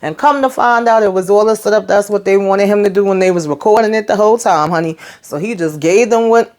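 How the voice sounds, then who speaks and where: A woman's voice: mid-range voice, brisk, darkish tone. Chatty woman recapping a TV episode. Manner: chatty, laughs often, colloquial. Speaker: TV show reviewer.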